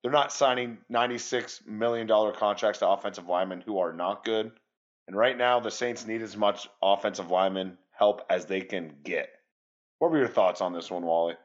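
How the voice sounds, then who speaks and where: A man's voice: on the low side, moderate pace, muffled recording. A man co-hosting a sports podcast, chatting loosely and casually with occasional swearing. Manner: loose and profane, rambling. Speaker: podcast co-host.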